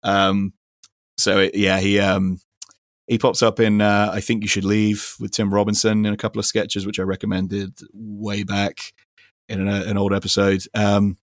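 A man's voice: lowish voice, monotone, normal speed, no room sound, clean studio sound. A man hosting a podcast, recommending things in a loose, rambling way, full of fillers and restarts. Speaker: podcast host. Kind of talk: casual recommendation chat.

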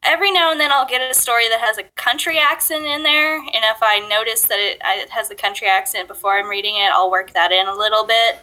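A woman's voice: a little high, fast talker, few pauses, sharp tone, low-quality recording. A woman guest on an interview podcast, chatting casually about her writing and often laughing.

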